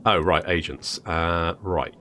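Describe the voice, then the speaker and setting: A man's voice: low voice, fairly even intonation, takes it slowly, bright, forceful tone. A man casually commenting on a game he is playing, joking and thinking aloud. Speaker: gaming video host.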